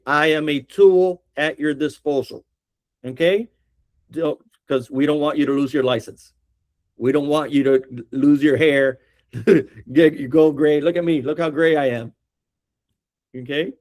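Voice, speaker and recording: A man's voice: fairly high pitch, fairly even intonation, a little slow, a little mellow. A middle-aged man, an attorney, teaching a training class for real estate agents in a direct way, often checking in with the class.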